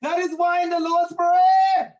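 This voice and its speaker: A woman with a very high voice preaches fervently on a livestream, her words drawn out slowly. She builds in repetitive waves and breaks into yelling as she goes. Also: level tone, lo-fi sound. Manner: impassioned, often yelling, repetitive preaching cadence. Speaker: spiritual teacher on a livestream. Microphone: livestream setup.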